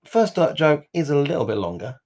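A man's voice: a little high, very animated, fairly quick, darkish tone. A man co-hosting a casual podcast, teasing and giggling while telling jokes. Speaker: podcast co-host.

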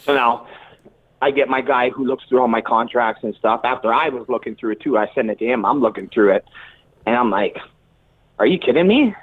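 A man's voice: mid-range voice, brisk. Male boxer on a tinny line. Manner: animated, swears, acts out quotes. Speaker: boxer guest. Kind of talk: casual interview storytelling. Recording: tinny phone-like line, dry.

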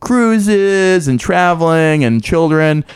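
Lively man telling stories. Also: slow, smooth. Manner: animated, acts out voices in a high squeal. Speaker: podcast co-host. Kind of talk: casual storytelling chat.

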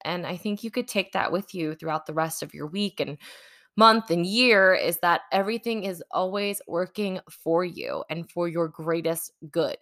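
Animated and at a normal speed, a woman with a lowish, fairly bright voice hosts her own podcast and tells a personal story. She is a manifesting coach, and her chatty rambling leans heavily on "like" and "you know."

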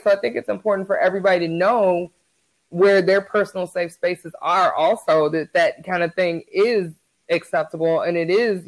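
A man's voice: high-pitched, poor audio. A man co-hosting a podcast, chatting candidly and often restarting his sentences. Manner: candid, repeats words when starting sentences. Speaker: podcast co-host. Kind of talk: casual chat.

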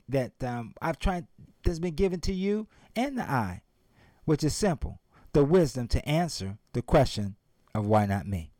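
A man's voice: on the high side, a little mellow, dry recording. A man giving a motivational speech and retelling a story, emphatic and speaking straight to his audience. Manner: emphatic, addresses the audience directly.

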